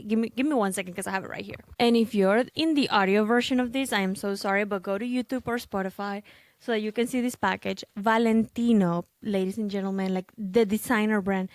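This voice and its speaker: A woman's voice: medium pitch, dry recording. A young woman hosting a podcast, talking in a casual, chatty monologue full of fillers and little asides. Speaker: podcast host and content creator.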